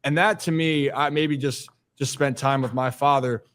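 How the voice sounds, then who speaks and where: A man's voice: mid-range voice, fairly even intonation, normal speed, fairly bright tone, clean tone. A male host leading a casual sports interview. He asks long, meandering questions in a mid-range voice. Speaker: show host.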